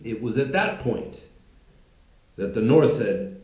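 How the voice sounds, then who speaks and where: A man's voice: medium pitch, lively intonation, slow, long pauses, a little mellow, reverberant, low-quality recording. A middle-aged man from California hosting a political commentary show, talking in an emphatic opinionated monologue with many restarts.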